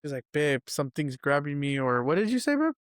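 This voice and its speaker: A young man in casual podcast chat, his voice sitting a little high for a man. He tells stories with easy laughs and casual swearing. The sound is close and dry. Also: very animated, fairly quick, clean tone, no room sound. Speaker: podcast co-host.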